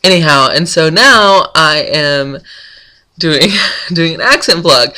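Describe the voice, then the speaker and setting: Chatty woman blogger, bright voice. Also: low-pitched, expressive, slow pace. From North Florida, US. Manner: chatty, rambling, frequent ums. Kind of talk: casual vlog chat.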